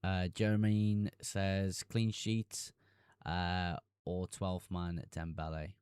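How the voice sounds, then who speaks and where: A man's voice: deep voice, flat delivery, extremely slow, darkish tone, clear, resonant tone, dry recording, clean studio sound. A young man streaming live, reading chat messages aloud and answering them casually.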